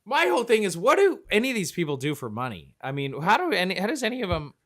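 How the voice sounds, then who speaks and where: Animated, bright-voiced man chatting movies. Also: sits high, quick pace. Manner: animated, acts out quotes in funny voices. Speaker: podcast co-host. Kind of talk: casual movie chat.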